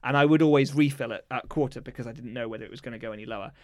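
A man's voice: medium pitch, rapid-fire, no echo, clean studio sound. A man co-hosting a comedy podcast, telling rambling stories and often breaking into laughter. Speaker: podcast co-host.

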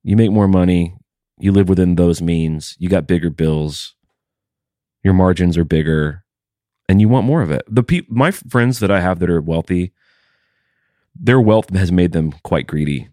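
Male co-host, very low voice, dry wit, thoughtful asides. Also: normal speed, mellow, no echo. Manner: reflective, wry, asks musing questions. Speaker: podcast co-host. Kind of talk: casual chat.

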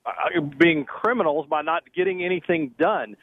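A man calling in to a talk radio show, talking in a halting, stammering way over a tinny phone line. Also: on the high side, animated, dry recording. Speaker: caller.

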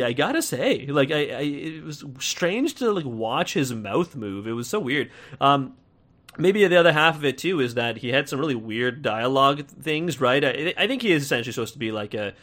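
A man's voice: medium pitch, lively intonation, moderate pace, a bit bright. A man with an American accent giving a casual, rambling film review, full of fillers and restarts, with wry laughs.

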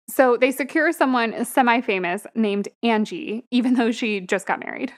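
A young woman with a somewhat high voice co-hosts a casual podcast. She walks through a film's plot and breaks into laughter again and again. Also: normal speed. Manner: laughs often while recapping plots. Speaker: podcast co-host. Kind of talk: casual movie review chat.

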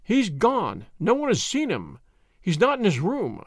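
A man voicing a frail young housemaid who sounds unsettled and near hysteria. Her words come slow and stretched, and the voice sits above his usual pitch. The sound is dry and close-miked. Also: wildly swooping pitch, no echo, exaggerated voice. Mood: distraught. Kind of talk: dramatic story reading.

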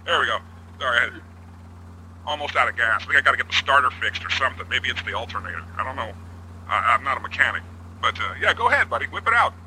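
A man's voice: mid-range voice, very animated, extremely slow, few pauses, sharp tone, slight background noise, full character voice, low-quality recording. A man putting on the voice of a chatty, bumbling male helicopter pilot who rambles and apologizes. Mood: rambling.

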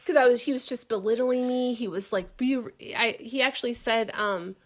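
A woman in her forties telling a story in casual chat, animated and swearing freely as she acts out what people said. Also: on the high side, a little fast. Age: 40s.

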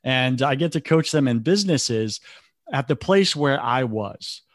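A man's voice: mid-range voice, expressive, a little slow, dry recording. Man, earnest, reflective, casual podcast chat, dry close mic. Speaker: business coach, podcast guest.

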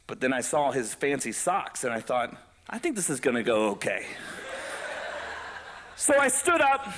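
A man telling a story as a stand-up comedian, animated and laughing between lines. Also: high voice.

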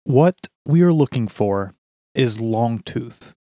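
A man's voice: mid-range voice, lively intonation, slow pace, mellow, dry recording. A man playing a tabletop game, who talks casually and asks practical questions. The recording is dry and close. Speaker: player.

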